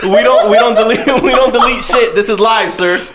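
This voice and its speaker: A man hosting a casual podcast, talking in a profane, excitable way and laughing a lot. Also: extremely high pitch, moderate pace, background noise. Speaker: podcast host.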